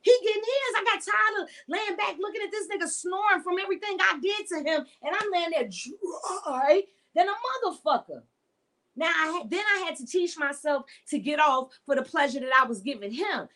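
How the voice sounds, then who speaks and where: Middle-aged woman, podcast host, blunt and profane, with a high, bright voice. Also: expressive, normal speed. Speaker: podcast host and sex educator. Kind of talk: unscripted monologue podcast.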